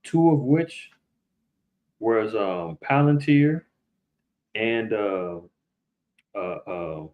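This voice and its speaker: With phone-quality sound, a male livestream host offers casual commentary, his intonation lively, his words drawn out, and his speech broken by frequent pauses. He talks loosely and conversationally, often turning to address his viewers directly and mimicking people in higher voices.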